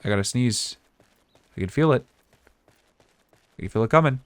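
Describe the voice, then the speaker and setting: A man giving casual, relaxed gameplay commentary as a streamer, chatting and thinking aloud. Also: mid-range voice, normal speed, smooth, no echo.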